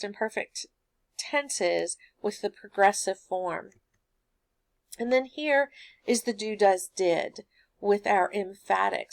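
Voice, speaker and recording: Slow, patient woman teaching grammar. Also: mid-range voice, no echo. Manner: patient, explains step by step with homely examples. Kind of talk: recorded grammar lesson.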